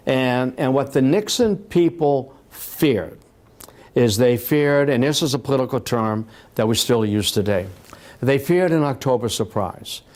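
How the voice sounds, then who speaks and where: A man's voice: medium pitch, a little mellow. A man giving a public history lecture in a library, telling it conversationally with frequent restarts and repeated words. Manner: conversational storytelling with many restarts.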